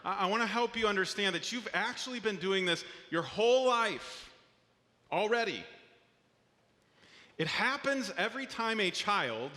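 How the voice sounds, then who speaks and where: A male pastor delivers a sermon in an earnest, conversational way, sometimes restarting a phrase. His voice sits high and rings bright. The sound carries the long reverb of a church hall. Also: animated, measured pace.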